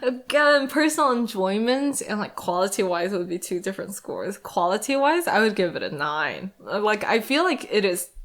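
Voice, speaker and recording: A woman's voice: medium pitch, normal speed, few pauses. A woman co-hosting a casual anime review podcast, talking animatedly with frequent laughs and mocking voices. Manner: animated, laughing, acts out the voices she mocks. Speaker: podcast co-host.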